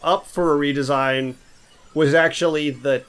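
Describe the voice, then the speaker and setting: A man co-hosting a casual podcast, whose voice sits fairly high. He adds chatty, explanatory asides in an easy, conversational way. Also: fairly even intonation, a little slow, fairly bright tone. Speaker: podcast co-host.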